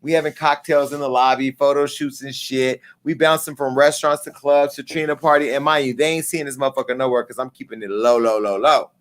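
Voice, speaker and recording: A man in his forties hosting a live talk show, telling a story in a casual, profane way and acting out the dialogue with lively jumps in pitch. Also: brisk, few pauses. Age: 40s. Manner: animated, acts out quoted dialogue with pitch jumps.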